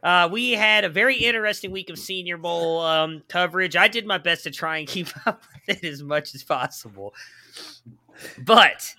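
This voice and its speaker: A man's voice: high voice, normal speed, creaky, bright, forceful tone. A man hosting a casual football podcast, joking about himself and laughing easily. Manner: self-deprecating, laughs easily. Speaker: podcast host.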